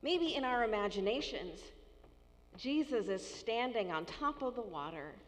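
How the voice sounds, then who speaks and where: Unhurried woman preaching in a reverberant church. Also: on the high side, expressive, a little hiss or hum. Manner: slow, deliberate preaching with acted-out tones. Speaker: pastor. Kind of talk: sermon. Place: church sanctuary.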